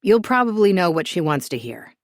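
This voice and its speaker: A cocky young man , as a woman reading a story puts him on, teases and bosses in a breezy, joking way. The voice stays low and everyday. It is recorded close and dry. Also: very animated, brisk, no room sound. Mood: teasing. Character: cocky, teasing young man who loves attention.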